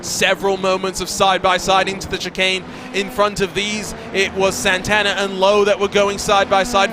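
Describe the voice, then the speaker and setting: A man calling an online race as lead commentator, fast and energetic, his voice going hoarse. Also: sits high, background noise. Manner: fast, energetic, rises in excitement. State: voice getting hoarse. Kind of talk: sim racing play-by-play commentary.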